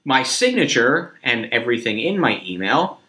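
A man's voice: mid-range voice, very animated, normal speed, pushed and bright. A man co-hosting a podcast in casual chat, telling stories animatedly and swearing casually. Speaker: podcast co-host.

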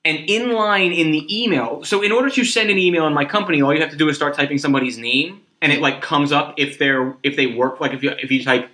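A man's voice: fairly high pitch, fast talker, hardly any pauses, pushed and bright. A man co-hosting a podcast in casual chat, telling stories animatedly and swearing casually. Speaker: podcast co-host.

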